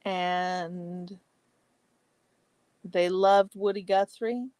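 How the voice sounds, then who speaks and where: A woman hosting a casual livestream chat, reading viewer comments aloud and answering each by name, chatty and exclamatory with soft asides. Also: on the low side, fairly even intonation, extremely slow, no echo. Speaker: livestream host.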